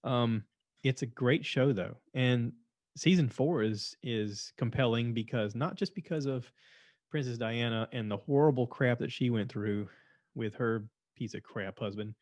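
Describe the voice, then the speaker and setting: A podcast host talks through a casual, opinionated monologue reviewing shows, rambling and repeating himself. His mid-range voice is unhurried and a little mellow, recorded with no echo.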